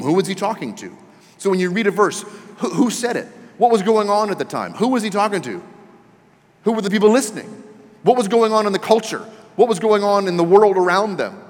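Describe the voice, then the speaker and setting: Joking preacher in a reverberant hall. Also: male voice, high-pitched. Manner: animated, joking, rising to emphatic questions. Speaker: pastor. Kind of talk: sermon.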